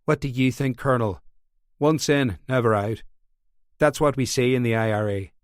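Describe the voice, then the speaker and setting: A man's voice: mid-range voice, normal speed, no room sound, clean studio sound, natural voice. A man voicing a desperate, cold young Northern Irish gunman who stays polite and defiant. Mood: cool.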